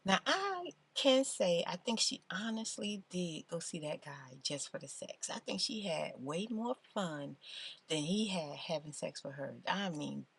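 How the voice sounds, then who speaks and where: A woman telling a personal story in a soft-spoken ASMR style, chatty and casual. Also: lively intonation, a little slow, gravelly, husky. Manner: soft, low-key delivery. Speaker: storytime channel host.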